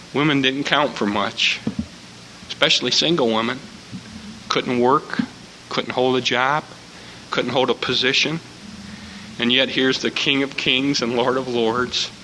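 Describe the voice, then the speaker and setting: A man preaching a sermon, dropping to hushed tones and then shouting loudly. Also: mid-range voice. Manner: swings from hushed tones to loud shouted quotes. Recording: reverberant hall, faint room noise.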